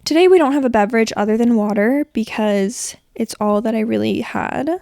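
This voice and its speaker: Woman, mid-20s, podcast host. Casual, rambling, a touch under the weather; fairly high pitch, close dry recording. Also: moderate pace, creaky, darkish tone, no echo. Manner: chatty, rambling, filler-heavy. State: sick, voice a little rough. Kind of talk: casual solo podcast chat. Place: bedroom.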